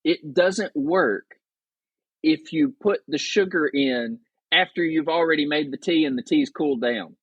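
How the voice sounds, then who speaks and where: A man's voice: a little high, unhurried, breathy edge, no room sound, dull audio. A man from the American South, a guest on a history podcast, talking in an easygoing, agreeable way. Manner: easygoing, agreeable, laughs along. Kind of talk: casual podcast chat.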